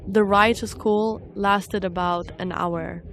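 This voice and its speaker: A woman's voice: mid-range voice, steady tone, slow pace, a little hiss or hum. A young woman from Romania, a native Romanian speaker, narrating a personal documentary story in a reflective, scripted manner. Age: young adult. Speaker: narrator and reporter.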